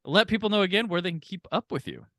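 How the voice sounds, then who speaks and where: A male podcast host with a bright, lively voice that moves a lot in pitch. He talks casually and agreeably, leaning on easy fillers, recorded dry and close. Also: quick pace, no echo. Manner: relaxed, agreeable, lots of fillers. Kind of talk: casual chat.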